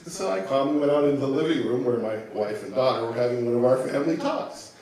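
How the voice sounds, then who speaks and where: A man in his sixties tells his own story to a congregation with calm, unhurried reflection. His voice bounces around a very echoey church room, picked up from some distance off the mic. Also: medium pitch, a little hiss or hum. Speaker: guest speaker. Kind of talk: personal testimony. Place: church sanctuary.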